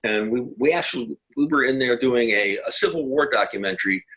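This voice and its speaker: An older man with a husky, slightly breathy voice recounts his past in a relaxed, meandering way. He restarts sentences often and drifts from one anecdote to the next, chatting as an interview guest. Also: medium pitch, a little fast, rough recording. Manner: rambling, anecdotal, many restarts. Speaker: guest musician. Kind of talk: casual interview storytelling. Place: home, video call.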